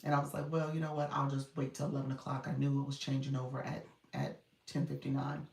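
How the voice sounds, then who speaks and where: A woman's voice: a bass voice, flat delivery, quick pace, creaky, darkish tone. A woman hosting a casual livestream, chatting with viewers and thanking them, laughing often and calling them y'all. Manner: giggly, often breaking into laughter. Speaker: livestream host and coach. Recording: roomy and distant from mic.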